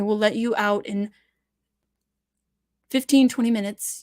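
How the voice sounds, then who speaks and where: A woman's voice: medium pitch, fairly even intonation, a little slow, a little mellow, dry recording, clean studio sound. A woman hosting a casual news commentary show from home, reading articles aloud and breaking into passionate, sarcastic rants. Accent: Michigan. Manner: passionate, ranting, sarcastic asides.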